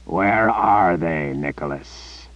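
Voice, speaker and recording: Reading an audiobook, a man performs a full character voice for a menacing male emperor who speaks through a young soldier, deep, gravelly, slow and threatening. The sound is a bit bright, with no room sound and the highs cut off.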